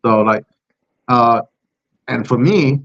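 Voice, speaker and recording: A man's voice: mid-range voice, takes it slowly, creaky, fairly bright tone. A man from Southeast Asia co-hosting a casual podcast chat. He laughs often and repeats words as he starts his sentences. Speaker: podcast co-host. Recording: dull lo-fi audio.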